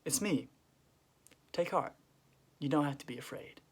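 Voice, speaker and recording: A man voicing a calm grown man who soothes his frightened friends, in a soothing, comforting manner. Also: on the high side, measured pace. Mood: reassuring.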